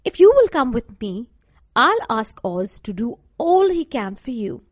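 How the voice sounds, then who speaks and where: Woman doing a high polite little girl. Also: big pitch swings, a little slow, no echo. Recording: dull dry lo-fi recording.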